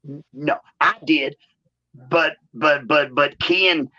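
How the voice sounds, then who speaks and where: A man, telling stories in a shoot interview in a drawling, animated way and saying "man" often. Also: takes it slowly. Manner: animated storyteller, acts out quotes in a higher voice. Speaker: interview guest, former wrestler. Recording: dull lo-fi sound.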